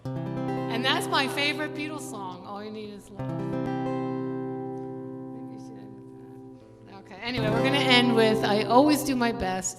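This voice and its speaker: An older woman musician chatting with her audience between songs at a concert, rambling through anecdotes with quick laughs. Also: on the high side. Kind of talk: stage banter between songs. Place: large church venue. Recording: live concert hall with long reverb and instrument.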